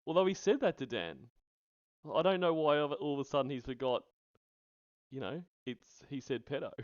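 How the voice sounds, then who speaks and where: A man's voice: mid-range voice, animated, fairly quick, no room sound, highs cut off. Sarcastic man hosting commentary. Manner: sarcastic, mocking, laughs often. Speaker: host reacting to recordings. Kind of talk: commentary on call recordings.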